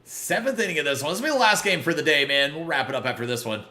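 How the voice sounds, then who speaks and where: A man hosting a casual live game stream, greeting viewers by name and reacting loudly to big plays. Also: a little high, animated, rapid-fire, reverberant. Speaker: livestream gamer.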